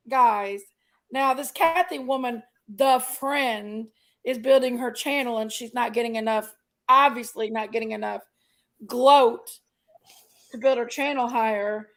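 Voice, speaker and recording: Blunt, animated woman on a livestream. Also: on the high side, unhurried, creaky, low-quality recording. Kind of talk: casual livestream chat.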